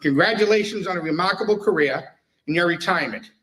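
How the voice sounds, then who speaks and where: A man's voice: sits high, fast talker, fairly bright tone, far from the mic. A man giving a humorous retirement speech, telling stories and laughing at his own jokes. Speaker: speaker at a retirement tribute.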